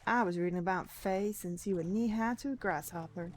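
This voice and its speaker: Woman doing a southern drawl, folksy know-it-all gal, kinda low, bit of background hum. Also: a little fast, a little mellow, close to an everyday voice. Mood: boastful. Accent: American Southern, put on.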